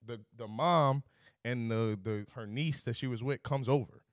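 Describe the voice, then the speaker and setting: A man's voice: mid-range voice, measured pace, no echo, studio quality. A young man hosting a podcast, telling a story in casual chat and acting out both sides of the exchange. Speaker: podcast host.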